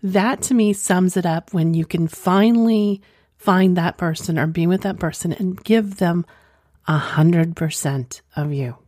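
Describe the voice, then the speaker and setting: A woman's voice: fairly low pitch, unhurried, warm tone, no room sound, studio quality. A woman hosting, reading listener stories and commenting on them in an affirming, rambling way. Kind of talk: casual commentary.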